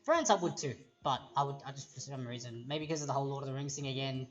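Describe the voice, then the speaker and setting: A woman's voice: a bass voice, animated, fast talker. Chatty woman hosting a quiz. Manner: chatty, rambling asides, repeats each question. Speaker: trivia quiz host. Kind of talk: casual livestream chat reading quiz questions. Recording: lo-fi stream audio with background music.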